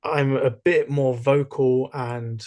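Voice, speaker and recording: A young man chatting as a podcast guest, telling stories in a lively way with many fillers and restarts. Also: mid-range voice, slow pace. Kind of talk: casual interview chat.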